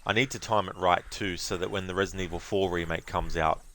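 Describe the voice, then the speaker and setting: A man's voice: low-pitched, fairly even intonation, quick pace, bright, forceful tone, a little hiss or hum. A man streaming a game, chatting casually and rambling to his viewers. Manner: chatty, rambling, thanking viewers, breaks into silly voices and laughs. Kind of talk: casual live-stream chat.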